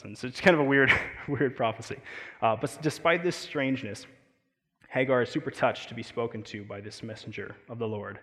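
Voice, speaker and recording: A man with an American accent preaching a sermon, talking in a conversational, animated way with frequent fillers and asides. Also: medium pitch, a little fast, long reverb tail. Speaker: pastor.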